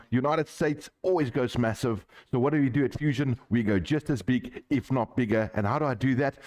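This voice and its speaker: A man's voice: mid-range voice, a little fast, few pauses, darkish tone. Upbeat South African man commentating. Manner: upbeat, chatty, fixing tech issues on air. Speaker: sim racing commentator. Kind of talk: live esports commentary.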